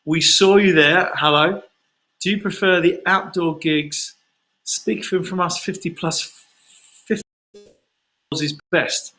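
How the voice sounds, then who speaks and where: Man, slightly higher voice, chatty, rambling, casual livestream Q&A. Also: steady tone, slow, pauses often, sharp tone, rough recording. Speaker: singer answering fan questions.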